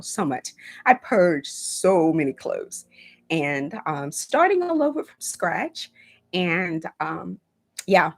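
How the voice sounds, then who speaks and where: A woman in her fifties hosting a home decor channel, chatting casually on a livestream, emotional and encouraging, speaking of her faith and thanking viewers by name. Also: lowish voice. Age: 50s. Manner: warm, emotional, reads viewer comments; faith-filled encouraging talk.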